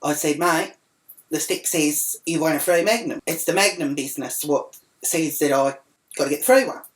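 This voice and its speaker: Brash, foul-mouthed Australian woman with a low voice who rambles through a comic rant. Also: moderate pace. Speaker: storyteller.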